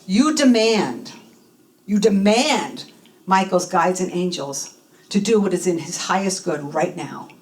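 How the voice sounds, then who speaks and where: A woman's voice: lowish voice, moderate pace, close to an everyday voice. A woman voicing a firm, insistent spiritual coach in her talk, close to her own voice. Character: insistent female spiritual coach, middle-aged. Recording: voice from a distance from the mic.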